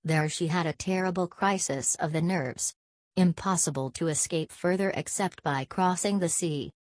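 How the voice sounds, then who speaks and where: Brief: fussy, vain old sleuth as voiced by a low-voiced woman, theatrical, French asides, dry booth sound. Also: a little mellow, no echo, natural voice. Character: fussy, vain older male detective. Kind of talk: audiobook character reading.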